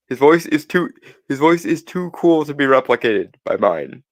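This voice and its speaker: A man's voice: on the high side, animated, moderate pace, no echo. A man co-hosting a podcast in casual chat, with a sardonic, mock-threatening manner. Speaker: podcast co-host.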